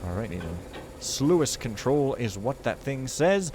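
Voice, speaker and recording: A man's voice: mid-range voice, sing-song, a little slow, noisy background. Rambling jokey gameplay commentator, male. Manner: rambling, jokey, self-mocking. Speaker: let's play host.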